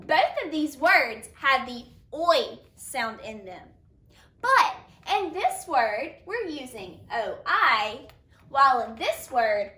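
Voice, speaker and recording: A high, animated woman leads a phonics lesson, sounding out letters slowly and cheering her students on. Her voice is bright and crisp. She is heard from a little way off in an echoey room. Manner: slow, clearly sounded-out letter sounds with lively praise. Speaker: phonics teacher. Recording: echoey room, mic at a distance.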